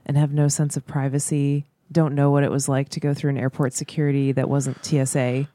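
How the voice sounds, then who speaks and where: A podcast co-host in casual chat, thoughtful and quick to laugh. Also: mid-range voice, flat delivery, dark tone, no echo.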